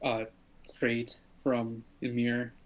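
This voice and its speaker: A man's voice: medium pitch, monotone, very slow. Hesitant, musing podcast guy. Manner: hesitant, speculative, with many fillers. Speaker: podcast co-host. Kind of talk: casual chat among friends.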